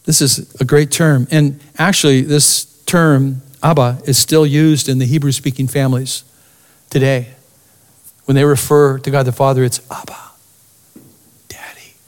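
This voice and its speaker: A man preaching a sermon as pastor, expressive, dropping to a near-whisper for emphasis. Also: medium pitch, moderate pace.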